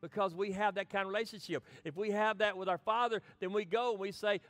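Middle-aged male pastor, fairly high voice, heartfelt sermon delivery, dry close recording. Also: fairly even intonation, quick pace, few pauses, no room sound, soft background music. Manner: impassioned preaching that drops to soft, hushed lines.

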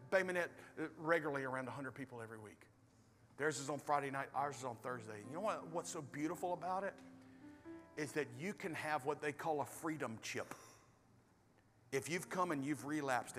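A man preaching a sermon as pastor, animated, swinging between loud bursts and hushed storytelling. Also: on the high side. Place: large church hall. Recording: reverberant hall with soft music.

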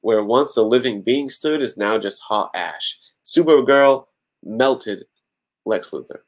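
A man's voice: mid-range voice, lively intonation, slow pace. Man reading a story with joking asides. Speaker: podcast host. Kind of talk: reading a fan-written story aloud.

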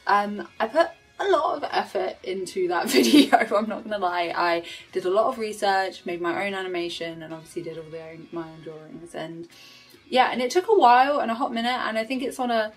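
A young woman hosting a casual reaction video, excitable and quick to laugh. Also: medium pitch. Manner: excitable, laughs often, shrieks at big moments. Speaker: reaction channel host.

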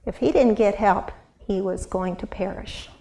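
A woman's voice: mid-range voice, normal speed, creaky, a little hiss or hum. A woman Sunday school teacher, expressively telling a Bible story to children and asking them questions. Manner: animated, expressive, asks the kids questions.

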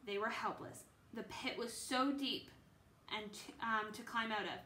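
A woman's voice: on the high side, steady tone, a little slow, bright, forceful tone. A woman reading a children's book aloud, unrehearsed, with small stumbles and restarts. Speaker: reader. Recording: echoey room, faint background noise.

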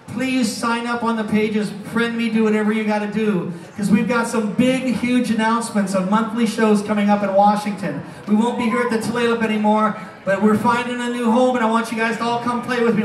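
High-voiced brash stage hypnotist. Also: male voice, a bit bright, slight background noise. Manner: brash, joking showman patter. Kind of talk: live comedy stage show. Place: casino showroom stage. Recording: echoey room from far off, crowd.

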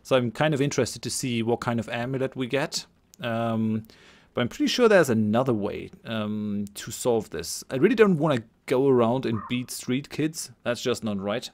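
A man's voice: mid-range voice, animated, normal speed. A man hosting a let's play, thinking aloud as he plays and reads game text aloud. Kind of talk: gameplay commentary.

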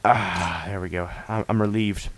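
A young man narrating his own gameplay, goofy and excitable, swearing and joking with his viewers. His voice sits a little low. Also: a little slow. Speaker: let's play host. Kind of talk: gameplay commentary.

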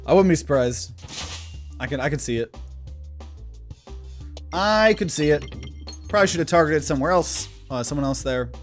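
A man giving casual let's-play commentary, thinking aloud as he plays. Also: mid-range voice. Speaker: gaming channel host.

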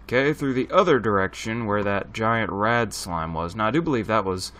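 A man's voice: lowish voice, animated, normal speed, fairly bright tone. A man giving casual let's play commentary, thinking aloud and chatting to his viewers. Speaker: gaming channel host.

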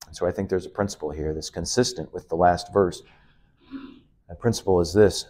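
A middle-aged man delivers an expository sermon in a low voice. He builds his points through emphatic repetition and drops in an occasional "um" or "uh" as he teaches. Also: fairly even intonation, fairly quick, a little mellow. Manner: emphatic, building repeated phrases, with "uh" and "um" fillers. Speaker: pastor teaching a Bible lesson.

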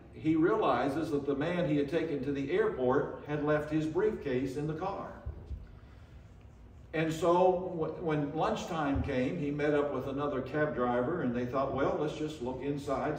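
A man's voice: fairly high pitch, unhurried, a little mellow, slight background noise. An older man preaching a sermon in a church, telling stories in a folksy way with frequent restarts. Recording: echoey church room, from far off.

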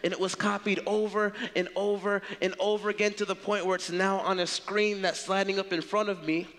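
A man delivers a sermon as pastor, talking to the congregation in an earnest, emphatic, conversational way. His voice sits high for a man. It carries the long reverb of a church sanctuary. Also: level tone, a little fast, fairly bright tone.

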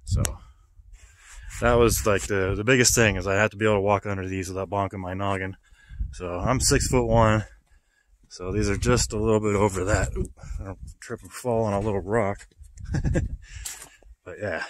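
A man's voice: fairly low pitch, moderate pace, long pauses, slight background noise. A man casually showing his building project outdoors, a little out of breath, rambling and joking about himself. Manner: relaxed, self-deprecating, rambling. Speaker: vlogger builder. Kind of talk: casual walkthrough vlog.

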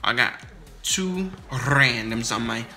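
Bright-voiced young man gaming, trash talking. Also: mid-range voice, animated, slow pace, soft background music. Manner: heated, profane trash talk to teammates. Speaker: gamer streaming his own matches. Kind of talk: casual gameplay commentary.

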